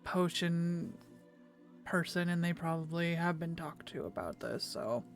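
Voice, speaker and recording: An offhand woman player speaks up during a tabletop game, tossing out ideas for her character. Her voice sits at a middle pitch, with soft music behind her. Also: measured pace, creaky. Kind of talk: casual tabletop game chat.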